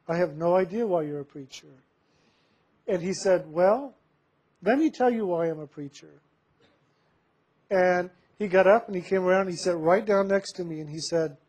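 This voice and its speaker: A man's voice: high voice, darkish tone, husky. Man retelling a personal story. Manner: recounts dialogue with many "he said" tags, slows down for emphasis. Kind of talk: storytelling anecdote.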